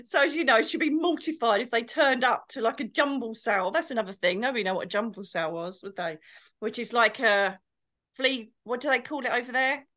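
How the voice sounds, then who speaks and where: A woman's voice: a little high, fairly quick, fairly bright tone. Chatty woman storyteller. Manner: chatty storyteller, swears, does posh impressions. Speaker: co-host, medium. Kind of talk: casual chat.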